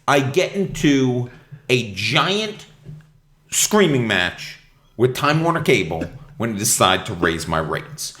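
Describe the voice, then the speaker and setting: A man's voice: mid-range voice, slow. A man hosting a podcast, telling a comic story about fighting with his cable company. He swears a lot and acts out both sides of the phone calls. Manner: animated ranting, swearing, mimicking phone reps. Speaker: podcast host. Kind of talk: casual comedic storytelling. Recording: echoey room.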